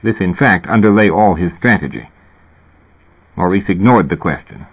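Husky-voiced man narrating a novel. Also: deep voice, lively intonation, normal speed. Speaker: audiobook narrator. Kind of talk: scripted narration. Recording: tinny phone-like recording.

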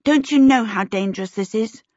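Brief: woman doing a brisk, urgent teen girl for a storybook, raised higher and louder, lo-fi sound. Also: no echo, natural voice. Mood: anxious, snappish. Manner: urgent and sharp. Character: brisk, impatient teenage girl. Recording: dull lo-fi audiobook recording.

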